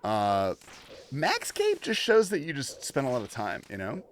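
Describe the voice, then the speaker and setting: A man's voice: mid-range voice, huge pitch swings, measured pace, slight background noise. A young man from the United States chatting casually on a game livestream, reading chat and swearing freely. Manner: casual, swears and laughs, reads chat aloud. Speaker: livestream gamer.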